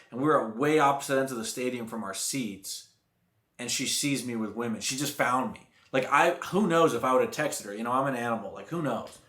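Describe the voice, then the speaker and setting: Animated young man telling a story. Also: medium pitch. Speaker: vlogger. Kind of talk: casual storytime vlog. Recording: echoey room.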